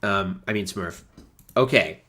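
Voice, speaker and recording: A man in his thirties from the United States with a stuffy nose, hosting a chatty, animated livestream. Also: sits low, measured pace. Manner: chatty and animated, many fillers. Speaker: host. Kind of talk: casual livestream chat.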